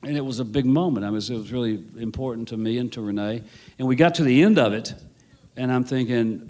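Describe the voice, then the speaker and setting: This novelist guest has a mid-range, darkish voice and talks briskly. His storytelling is anecdotal and wry, wandering off course with frequent restarts and self-corrections.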